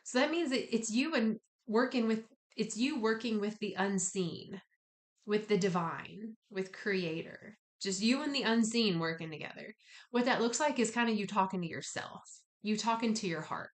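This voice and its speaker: A woman giving a casual spiritual wellness talk, conversational and gently encouraging with slangy asides. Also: medium pitch, moderate pace. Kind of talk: casual spoken guided talk.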